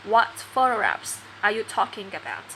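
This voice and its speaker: A woman's voice: mid-range voice, huge pitch swings, moderate pace, bright, forceful tone, a little hiss or hum, poor audio. A woman voicing a tired, defensive male photographer who reacts indignantly.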